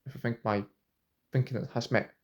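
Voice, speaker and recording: Halting man talking to camera. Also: mid-range voice, fairly even intonation. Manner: halting, restarts and repeats words often. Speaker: vlogger. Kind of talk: casual talk to camera.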